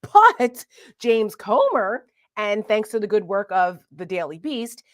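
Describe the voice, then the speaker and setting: East Coast woman host, Jersey accent, animated, dry upfront voice. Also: medium pitch, slow, dry recording. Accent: New Jersey. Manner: animated, indignant storytelling. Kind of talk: casual political chat.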